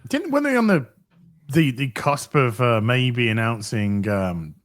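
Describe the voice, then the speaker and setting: Brief: male guest, average pitch, dry mic, easygoing and a bit halting. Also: sing-song, no room sound. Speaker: panel guest. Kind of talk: casual panel chat.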